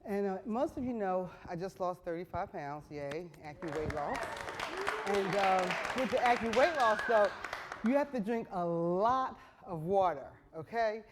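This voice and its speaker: A middle-aged woman hosting a talk show, giving a frank, earthy comic monologue that builds to loud, excited bursts. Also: medium pitch, measured pace, crowd noise, background noise.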